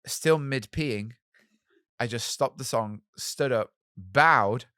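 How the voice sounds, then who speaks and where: Interview guest: man, animated and candid, dry close-miked voice. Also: medium pitch, slow, no echo. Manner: candid, self-mocking, animated storytelling with many fillers. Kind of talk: storytelling in a podcast interview.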